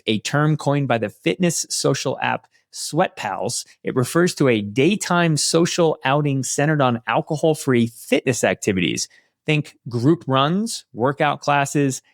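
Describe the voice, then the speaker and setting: A man's voice: mid-range voice, lively intonation, unhurried, vocal fry, dry recording, studio quality. A middle-aged man hosting a health podcast, reading news headlines with casual, chatty asides. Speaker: podcast host.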